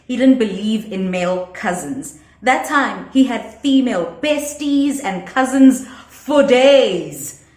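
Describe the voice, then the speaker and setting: A young South African woman telling a storytime vlog in a sassy, animated way, dropping in Zulu slang. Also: a little high, slow pace. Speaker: vlogger. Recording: echoey room.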